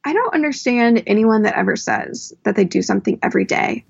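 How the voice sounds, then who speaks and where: Gravelly-voiced chatty woman guest. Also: fairly high pitch, lively intonation. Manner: chatty storyteller, quick asides. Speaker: podcast guest. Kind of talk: casual chat. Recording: dull lo-fi sound.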